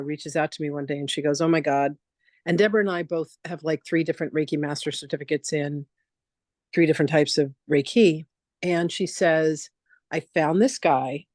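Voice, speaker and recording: A woman's voice: low voice, no room sound, clean studio sound. Chatty woman telling a story. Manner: chatty, animated, acts out quotes in a lively voice. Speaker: spiritual teacher hosting a free online masterclass. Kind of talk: casual storytelling on a live video session.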